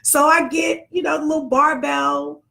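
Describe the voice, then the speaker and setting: A woman's voice: high voice, fairly even intonation, normal speed, gravelly, sharp tone. Chatty, joking woman vlogger. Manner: chatty, joking, greets viewers by name. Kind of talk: casual chat to live viewers.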